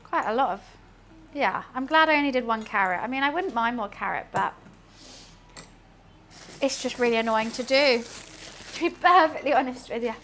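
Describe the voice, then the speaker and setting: Young British woman, streamer cooking live, slightly high voice, flat chatty delivery, faint background noise. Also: moderate pace, pauses often. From United Kingdom. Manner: chatty, deadpan-sounding, reads and answers chat while cooking. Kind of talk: casual cooking stream chat.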